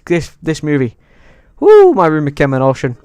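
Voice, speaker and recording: A man ranking movies in a casual vlog, excitable and swearing freely. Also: a little high, normal speed, clear, resonant tone, no echo. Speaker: YouTuber.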